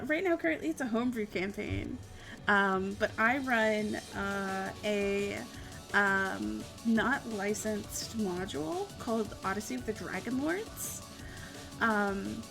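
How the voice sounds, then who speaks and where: A young woman chats on a live stream, giggling often and rambling from one thought to the next with casual swearing. She talks slowly and unhurriedly in a slightly high voice. Faint music plays behind her. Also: vocal fry, a bit bright. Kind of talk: casual chat while answering viewer questions.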